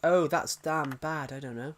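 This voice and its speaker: A man's voice: fairly high pitch, normal speed, fairly bright tone. A young English man chatting loosely on a live stream. He reads chat messages aloud and answers them in a rambling, casual way with offhand swearing. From England. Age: young adult.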